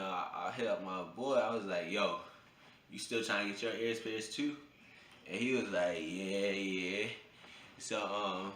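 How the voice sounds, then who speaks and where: Young guy vlogging a story, bright voice, echoey room w faint hum, squeaks up high when he gets to the punchline. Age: young adult. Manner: animated, jumps to high yelps when acting out his own reactions. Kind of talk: casual storytelling.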